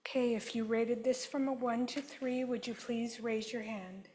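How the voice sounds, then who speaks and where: A woman presenter at a conference, leading the audience through a guided group exercise in measured phrases they repeat after her. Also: fairly high pitch, steady tone, a little mellow, poor audio. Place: conference session room.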